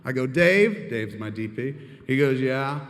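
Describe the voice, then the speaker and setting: A middle-aged filmmaker telling comedic stories on stage, profane, rambling and self-deprecating, in a reverberant live hall. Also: male voice, mid-range voice, fairly even intonation, normal speed. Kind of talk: comedic storytelling monologue.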